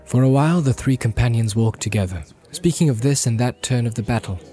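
A man narrating an audiobook in a steady, measured way. His voice is mellow and warm, with faint music playing behind him. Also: medium pitch. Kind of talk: scripted narration.

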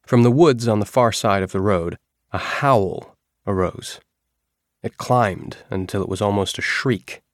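A man reading a first-person novel aloud in a measured, even storytelling manner. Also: lowish voice, dry recording, clean studio sound. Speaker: audiobook narrator.

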